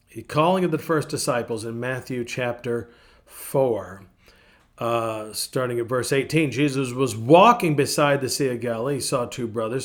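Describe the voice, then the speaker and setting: Folksy pastor man telling stories. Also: medium pitch. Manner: folksy, storytelling, repeats phrases for emphasis. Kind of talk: casual devotional talk. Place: indoors in front of a virtual path background.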